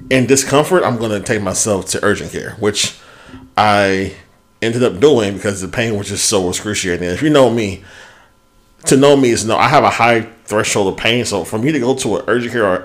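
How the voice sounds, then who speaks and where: Man, podcast co-host, casual chat, animated storytelling, frequent swearing. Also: fairly low pitch. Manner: animated storyteller, swears freely, lots of restarts.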